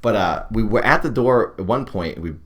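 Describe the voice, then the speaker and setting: A man with a deep, low voice chats quickly and loosely, piling up fillers and backtracking as he tells a story. He sounds like a podcast host in casual conversation, and his voice carries a roomy echo. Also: animated. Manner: rambling, many fillers and restarts.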